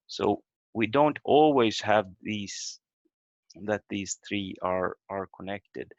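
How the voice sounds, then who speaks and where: A man teaching a language lesson over a video call, explaining step by step with halting fillers. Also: fairly low pitch, no echo. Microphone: computer mic on a video call. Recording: dull lo-fi video call audio.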